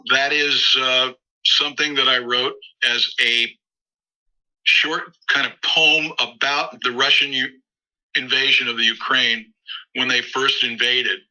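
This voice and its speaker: A man's voice: mid-range voice, steady tone, measured pace, pushed and bright, lo-fi sound. A male musician being interviewed, telling stories in a loose, rambling way with many restarts. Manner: rambling anecdotal, frequent restarts and acted quotes. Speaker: musician guest. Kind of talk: interview storytelling.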